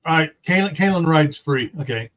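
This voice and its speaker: A man's voice: fairly high pitch, animated, moderate pace, fairly bright tone, muffled recording. A man from California hosting a casual livestream chat, rambling with sarcastic asides. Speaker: host.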